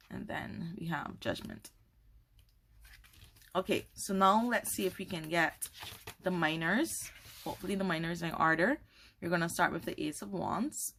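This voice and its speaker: A woman unboxing a tarot deck on camera, gushing and excitable, apologizing and laughing often. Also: lowish voice. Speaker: tarot content creator. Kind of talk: casual unboxing chat to camera. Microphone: camera mic, holding cards up to camera.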